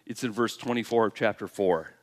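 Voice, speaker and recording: A man's voice: on the low side, fairly quick. A male pastor preaching a sermon, acting out the lines of the characters and putting questions to his listeners. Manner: animated storytelling, acting out God's and Moses' lines, asks the audience questions.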